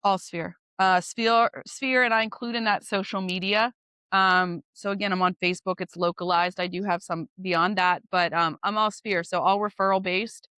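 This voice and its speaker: A woman's voice: medium pitch, steady tone, normal speed, pushed and bright, clean tone, no echo. A woman real estate agent chatting as an interview guest, candid and driven, laughing easily as she talks. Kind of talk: casual interview chat.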